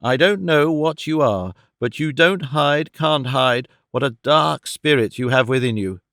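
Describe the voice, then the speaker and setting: A man voicing an earnest, kindly older gentleman who pleads stoutly and warmly in an audiobook. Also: medium pitch, expressive, unhurried, no echo, studio quality. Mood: pleading.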